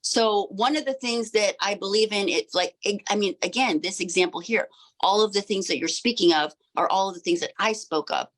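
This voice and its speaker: A woman's voice: mid-range voice, brisk. A woman in her forties, a sound healer, telling her own story as an interview guest in an earnest, rambling way with many fillers and restarts. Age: 40s. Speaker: sound healer and crystal shop owner.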